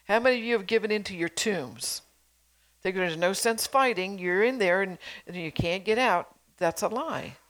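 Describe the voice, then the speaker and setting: A middle-aged woman preacher delivering a sermon, earnestly exhorting her congregation with rhetorical questions. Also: mid-range voice.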